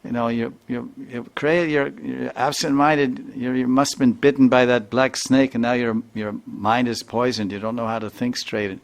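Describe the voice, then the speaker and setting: A man voicing a sharp-tongued old mother-in-law who berates and stammers in anger. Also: medium pitch, little pitch movement, normal speed, vocal fry, few pauses, close to an everyday voice. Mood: scolding.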